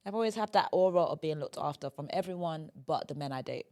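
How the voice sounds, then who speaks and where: A woman's voice: deep voice, fast talker, dark tone. A young woman hosting a casual comedy podcast, playful and prone to acting out lines in silly voices. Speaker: podcast host.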